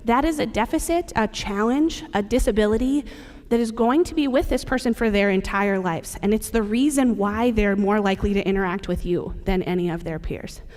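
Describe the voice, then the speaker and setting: A woman's voice: medium pitch, moderate pace, darkish tone. A woman giving a conference presentation, talking to the audience in a conversational, humorous way. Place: large conference hall. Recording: long reverb of a large hall.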